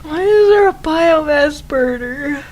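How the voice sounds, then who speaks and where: In poor audio with a little hiss or hum, a young woman streams a game and chats casually, her high voice animated, slow, and darkish in tone. She frequently laughs, amused and disbelieving at her old build.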